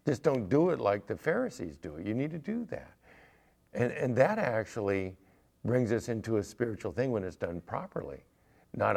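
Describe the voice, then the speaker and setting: A man preaching a sermon as pastor, lively and playful, acting out small everyday scenes with humor. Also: lowish voice, normal speed, gravelly. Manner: animated, acts out little scenes with humor.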